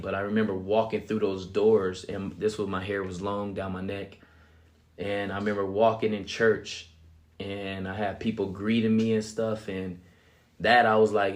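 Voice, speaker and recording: Man, young adult, low-pitched, casual storytelling, animated, laughs a lot. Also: normal speed. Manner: animated, acts out quotes, laughs often. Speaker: guest sharing his testimony.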